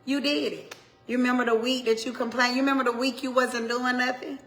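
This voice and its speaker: A woman in her forties, a minister, preaching a motivational message to her viewers, emphatic and repetitive, swinging between loud urging and soft asides. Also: fairly high pitch, flat delivery, brisk. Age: 40s.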